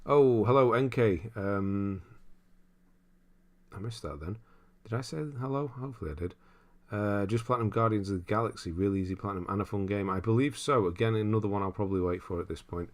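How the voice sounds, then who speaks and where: A man's voice: on the low side, fairly quick. A man streaming games and chatting casually as he reads viewer comments, rambling and laughing often. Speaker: streamer host. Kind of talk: casual livestream chat reading viewer comments.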